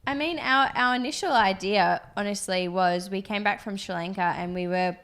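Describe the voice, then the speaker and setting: A woman's voice: mid-range voice, moderate pace, fairly bright tone. A young adult woman co-hosting a podcast, chatting casually and rambling with lots of fillers. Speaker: podcast co-host, business co-founder. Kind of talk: casual chat.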